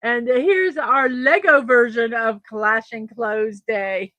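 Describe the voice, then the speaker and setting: A middle-aged woman hosts a daily morning show in a casual chat, reading birthdays and memes, laughing often and stumbling over names. Her voice is fairly high, slow, pushed and bright, and the recording is dry.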